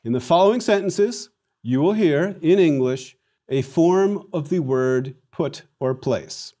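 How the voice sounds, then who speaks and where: The recording captures a man teaching Latin with animated, theatrical energy and leading the class through repetition drills. His voice is on the high side, and he speaks a little slowly.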